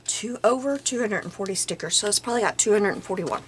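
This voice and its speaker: An older woman chatting casually at home as she shows off her craft finds, musing aloud and sometimes dropping into soft murmurs. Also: medium pitch, quick pace. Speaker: crafting vlogger. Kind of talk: casual show-and-tell chat. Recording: audible background noise.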